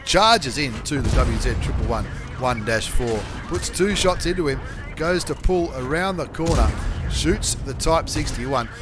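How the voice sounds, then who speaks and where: A man hosting a game channel, commentating replays in a chatty, slangy way and bursting into excited shouts and swearing. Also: medium pitch, measured pace, music in the background.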